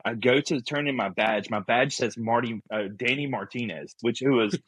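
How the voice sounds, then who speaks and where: A man telling a story casually as a podcast guest, animated and acting out the people he quotes. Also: mid-range voice, normal speed, breathy edge, dry recording, low-quality recording.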